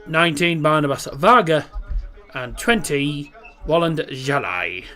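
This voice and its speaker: A man's voice: on the high side, lively intonation, unhurried, vocal fry, pushed and bright, soft background music. Chatty man hosting a live stream. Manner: chatty, reads out chat messages and team lineups. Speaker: watchalong streamer host. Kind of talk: casual live stream chat.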